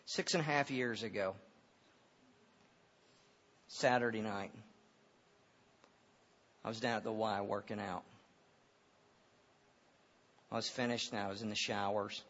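A middle-aged male pastor preaching a sermon in a church auditorium, moving from loud, impassioned preaching to hushed storytelling. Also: on the low side, steady tone, normal speed, pauses often. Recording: dull reverberant hall sound.

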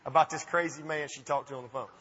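A man in his fifties with an Alabama accent, telling folksy, animated stories to an audience. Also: a little high, quick pace, breathy edge. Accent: Southern US, Alabama. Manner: folksy, animated, self-mocking. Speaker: speaker. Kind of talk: storytelling talk to an audience. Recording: dull recording with long hall reverb.

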